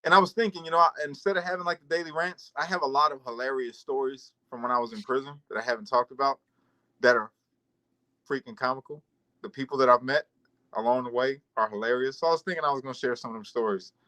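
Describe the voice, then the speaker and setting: A man's voice: medium pitch, quick pace, poor audio. A man casually telling a laughing, profane story about his past on a chat show. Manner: laughs through stories, swears, animated storytelling. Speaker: podcast co-host.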